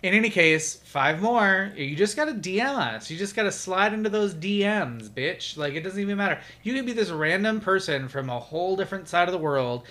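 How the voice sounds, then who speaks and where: A man's voice: sits high, lively intonation, fairly quick, hardly any pauses, bright, forceful tone. A young man co-hosting a podcast, chatting casually in a sassy, profane, teasing way. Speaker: podcast co-host. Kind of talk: casual chat.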